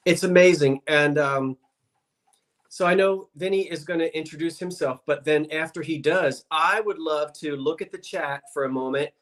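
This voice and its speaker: A man's voice: fairly high pitch, moderate pace, fairly bright tone. Chatty South Jersey man on a livestream. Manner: chatty, curious, restarts often. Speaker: livestream co-host. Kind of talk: casual live-stream chat.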